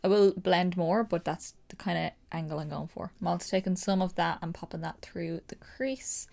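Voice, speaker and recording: A young woman with a Dublin accent, chatting excitedly through a casual makeup tutorial with lots of fillers. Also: lowish voice, moderate pace, vocal fry. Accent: Dublin Irish. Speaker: makeup creator.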